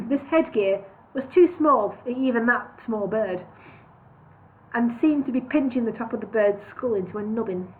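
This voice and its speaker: A woman's voice: fairly high pitch, normal speed. Woman reading aloud over phone-like audio. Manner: stops and redoes lines. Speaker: reader. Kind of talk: reading a parody novel aloud. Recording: tinny phone-like sound.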